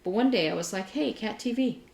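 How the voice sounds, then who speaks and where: A woman co-hosting a casual chat, telling an animated story and laughing often. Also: a little high, a little fast, gravelly. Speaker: podcast co-host. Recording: roomy echo.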